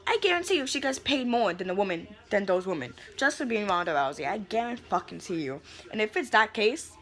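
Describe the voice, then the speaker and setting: A young woman in full rant mode, swearing freely and brimming with attitude, her voice at an ordinary middle pitch for a woman. She talks like a vlogger venting straight to her viewers, throwing in a sassy "honey" here and there. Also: sing-song, fairly quick, a bit bright. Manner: profane, fired-up, sassy, calls people honey. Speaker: vlogger ranting about wrestling. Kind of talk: heated casual rant.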